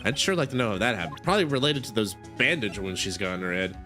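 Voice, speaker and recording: A man's voice: fairly low pitch, big pitch swings, quick pace, sharp tone, soft background music. Playful man reading a game aloud. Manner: playful, musing asides to himself. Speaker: gaming streamer. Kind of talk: reading a visual novel aloud and commenting.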